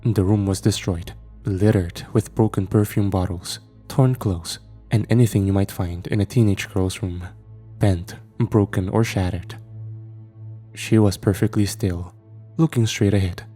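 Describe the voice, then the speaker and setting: A man reading a first-person horror story aloud in a measured, steady storytelling manner. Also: on the low side. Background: faint background music.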